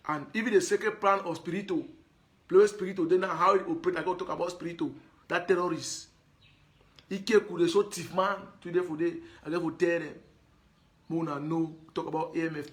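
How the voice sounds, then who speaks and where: A man's voice: a little high, fairly bright tone. Emphatic Cameroonian Pidgin-speaking man. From Anglophone Cameroon. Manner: emphatic and repetitive, pleading. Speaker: live broadcaster. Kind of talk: live stream monologue.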